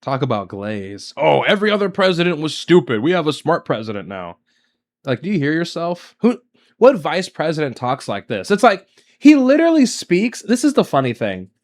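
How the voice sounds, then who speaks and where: A man hosting a casual reaction commentary, sarcastic and mocking, jumping between loud jabs and low mutters. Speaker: political commentary streamer.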